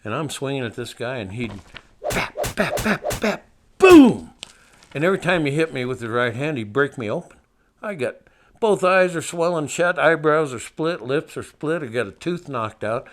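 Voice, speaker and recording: A man's voice: mid-range voice, lively intonation, fairly quick, fairly bright tone. An older man from Montana telling a personal story in a folksy, wry way, laughing at himself.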